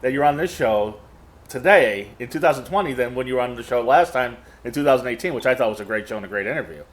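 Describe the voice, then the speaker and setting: A man's voice: mid-range voice, expressive, fast. An easygoing man hosts a weekly interview podcast, chatting loosely with plenty of fillers. His voice sits in the middle range for a man. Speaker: podcast host. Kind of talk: casual interview hosting.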